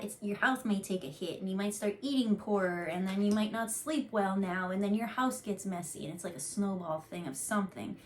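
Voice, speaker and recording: Woman, intuitive card reader, casual rambling delivery, earnest, mid pitch, faint background hiss. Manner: chatty, rambling, earnest with frequent fillers and restarts. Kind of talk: casual channeled tarot reading.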